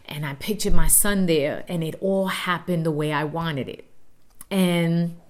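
A woman's voice: sits low, steady tone, unhurried. Earnest woman telling a family story. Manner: earnest, heartfelt narration. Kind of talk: personal storytelling.

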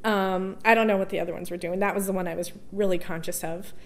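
A woman tells a personal story as an interview guest. Her voice sits at an everyday middle pitch. She talks in an emotional, halting way, restarting phrases and laughing softly between them. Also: steady tone.

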